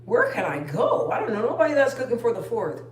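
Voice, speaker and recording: A woman's voice: fairly high pitch, sing-song, brisk, a little hiss or hum. A young woman chatting casually on a phone live stream, rambling and trailing off. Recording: roomy echo.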